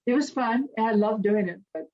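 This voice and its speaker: Lady guest telling stories all animated, does little voices, bit muffled lo-fi sound. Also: fairly high pitch, a little fast. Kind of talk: storytelling in an interview.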